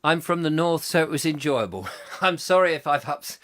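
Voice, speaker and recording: A bright-voiced man from southern England hosts a live comic chat show, reading out viewer comments. Speaking in a high register at a moderate pace, he is animated, rambling, giggly, and self-mocking.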